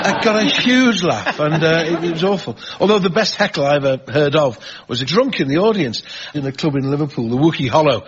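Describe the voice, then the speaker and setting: A man's voice: on the high side, animated, fast, breathy edge. An older man, a comedian guest, telling anecdotes in a storytelling manner with some stammered restarts. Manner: warm storytelling with repeated stammered starts. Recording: dull broadcast audio.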